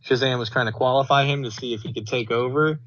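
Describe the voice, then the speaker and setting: A man's voice: medium pitch, steady tone, fast talker, a bit bright. A man casually reviewing a movie on a podcast, rambling with lots of fillers and retelling scenes. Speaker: podcast co-host. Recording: dull lo-fi dry recording.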